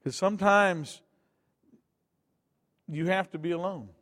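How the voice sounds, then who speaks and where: A man preaching a sermon in a high voice, swinging between loud emphatic bursts and quiet asides. His words ring out with a long reverb from a church hall. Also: slow pace.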